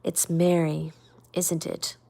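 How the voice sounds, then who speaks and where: A woman voicing a composed but hurt young woman in a novel read aloud, quiet and restrained. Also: low voice, little pitch movement, slow, creaky, exaggerated voice.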